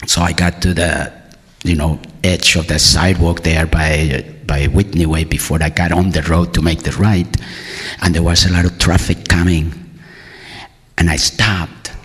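A man's voice: sits low, a bit bright, husky, big-room sound. A man telling a personal story in a candid, rambling, self-amused way.

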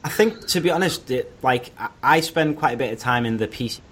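A man talks casually about games with a friend. He rambles through his stories with plenty of "like" and restarts. His pitch sits right in the middle. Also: expressive, brisk, fairly bright tone. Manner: rambling, filler-heavy storytelling. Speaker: podcast co-host. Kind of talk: casual gaming chat.

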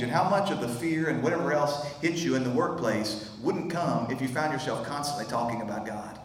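A man preaching a conversational sermon as pastor, sharing personal stories. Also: mid-range voice. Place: church sanctuary. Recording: echoey hall reverb.

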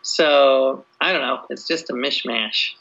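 A man's voice: mid-range voice, slow pace, gravelly, pushed and bright. A man being interviewed as an author, answering casually and hesitantly, with lots of fillers and restarts. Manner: hesitant, many "you know" fillers and restarts. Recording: dull lo-fi audio.

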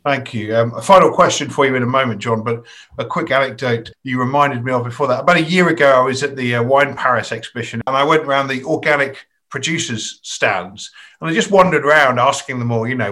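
A man's voice: mid-range voice, fast talker, pushed and bright. A man hosting a podcast interview, chatty and fond of telling anecdotes. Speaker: podcast host.

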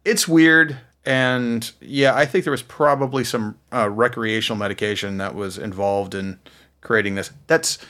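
A man co-hosting a casual beer podcast, explaining things in a halting way with many fillers. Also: medium pitch, fairly even intonation, sharp tone. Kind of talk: casual chat.

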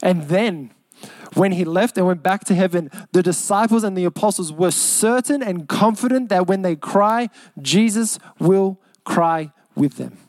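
A young man with an Australian accent preaching a sermon as pastor, earnest, repeating lines for emphasis and slowing down on key phrases. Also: sits high, darkish tone, dry recording.

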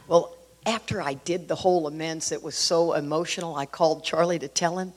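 A woman's voice: deep voice, brisk. Middle-aged woman, earnest storyteller, chatty with lots of fillers, sharing her recovery story. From Houston, Texas. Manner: heartfelt, earnest, conversational with many fillers. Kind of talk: personal storytelling talk.

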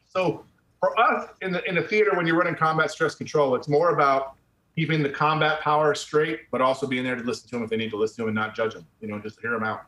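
A man's voice: medium pitch, fast talker, bright, forceful tone. A middle-aged man, an army veteran, telling his story bluntly and conversationally in casual interview talk. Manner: blunt, conversational, drops "man" and the odd curse. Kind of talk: candid personal storytelling. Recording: roomy echo.

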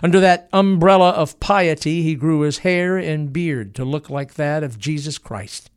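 A man giving scripted documentary narration, telling a historical event in a dramatic, measured way. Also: fairly high pitch, clear, resonant tone.

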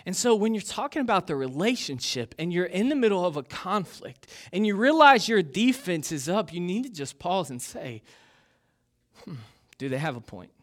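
A man's voice: high voice, big pitch swings, moderate pace, hardly any pauses. A young man giving a casual sermon as a pastor, joking and poking fun at himself, with plenty of ums and uhs. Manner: joking and self-deprecating, with many fillers.

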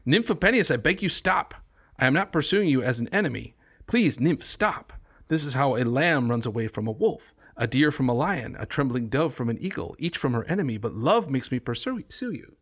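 A man's voice: big pitch swings, brisk, a bit bright, slightly rough, exaggerated voice. A man reading as a lovesick pleading god. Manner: raised-pitch dramatic reading.

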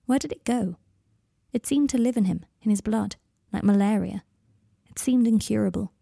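Woman narrating a story in a gravelly voice. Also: mid-range voice, moderate pace, warm tone, no room sound, studio quality. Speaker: audiobook narrator. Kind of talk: fan fiction audiobook narration.

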